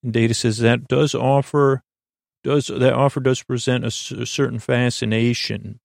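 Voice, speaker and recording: A man hosting a podcast, giving a halting, rambling recap of an episode with many fillers and restarts, loosely paraphrasing the dialogue. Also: mid-range voice, flat delivery, creaky, no echo, studio quality. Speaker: podcast host.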